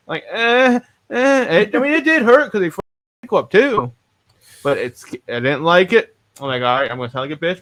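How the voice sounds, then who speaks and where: A man's voice: mid-range voice, a bit bright. A man hosting a podcast, telling stories in a casual, rambling, self-mocking way and swearing freely. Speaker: podcast host.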